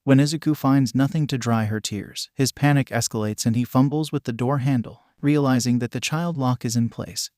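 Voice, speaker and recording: Male story narrator, even delivery, mid-pitched voice, dry close sound. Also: moderate pace, few pauses, no room sound. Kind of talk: scripted fan-fiction narration.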